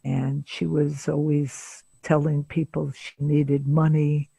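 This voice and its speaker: A woman in her seventies, a psychotherapist, telling a case story slowly and deliberately in an interview, with frequent pauses. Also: deep voice, level tone, gravelly, warm tone, breathy edge, no echo. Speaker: psychotherapist guest.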